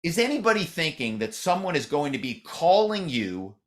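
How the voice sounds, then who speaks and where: A man's voice: on the high side, sing-song, normal speed. A middle-aged man as a podcast guest, talking loosely with lots of fillers and restarts. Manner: rambling, many "you know" fillers and restarts. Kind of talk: conversational interview.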